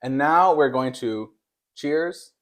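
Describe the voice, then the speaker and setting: A young man gives a casual on-camera taste test. He delivers mock-serious verdicts, hesitating with fillers while his pitch jumps up and down. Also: slow pace. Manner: playful mock-serious judging, with frequent fillers and lively pitch swings. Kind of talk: casual on-camera food review.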